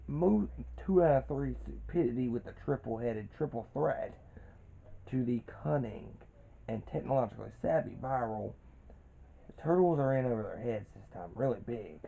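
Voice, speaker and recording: This warm, creaky, mid-range voice belongs to a twenty-something man casually reviewing a cartoon. He rambles, keeps restarting and uses lots of fillers, all captured on a dull lo-fi recording.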